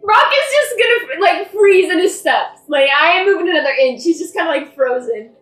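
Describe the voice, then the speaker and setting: High, lively woman player, giggly. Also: moderate pace, roomy sound, soft background music. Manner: giggly, excitable. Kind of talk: casual tabletop play.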